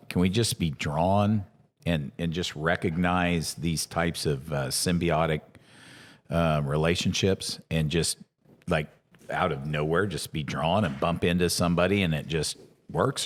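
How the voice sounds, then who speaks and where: A man's voice: low-pitched, normal speed. A man hosting an interview podcast, asking long, rambling, searching questions. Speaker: podcast host. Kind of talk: conversational interview. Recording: long reverb, echoey room.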